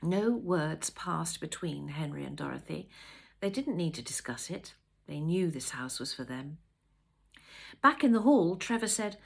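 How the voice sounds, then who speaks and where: Expressive woman reading a novel aloud. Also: sits low, gravelly, breathy edge. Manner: expressive, measured storytelling. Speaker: author reading her own novel.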